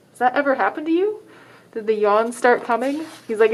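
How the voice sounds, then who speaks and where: A woman librarian reading a picture book aloud to children, dramatic in the exciting parts and stopping to ask the listeners questions. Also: fairly high pitch, a little slow, noisy background. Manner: expressive, dramatic exclamations, asks children questions.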